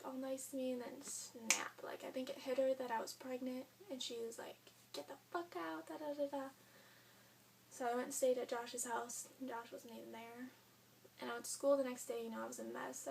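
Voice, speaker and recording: Young woman vlogger, high gravelly voice, chatty storytelling, a bit off-mic with faint hum. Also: recorded from a distance. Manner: chatty, frequent "like", quoting others in her own voice. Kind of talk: casual storytelling.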